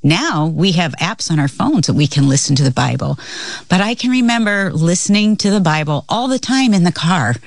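Low-voiced woman co-hosting a faith talk. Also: lively intonation, moderate pace, creaky, no echo. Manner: warm agreement, laughs often, chatty. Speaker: co-host. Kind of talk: faith talk show chat.

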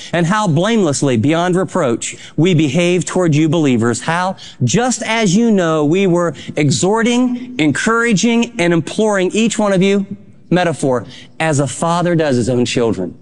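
A man preaching a sermon as pastor, fervent and exhorting, swinging between soft and urgent lines. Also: fairly high pitch.

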